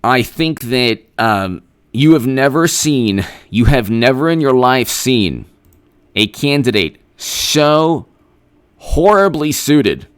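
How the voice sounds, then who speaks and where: Sarcastic man, slow mocking commentary. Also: mid-range voice, expressive, clean tone. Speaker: political commentary host. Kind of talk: live-stream political commentary.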